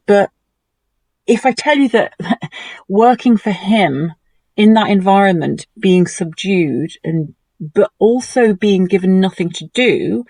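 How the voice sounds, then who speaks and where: Animated woman recounting her story. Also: no room sound. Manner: animated and emotional, lively pitch swings. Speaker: guest. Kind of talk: personal storytelling in a conversation.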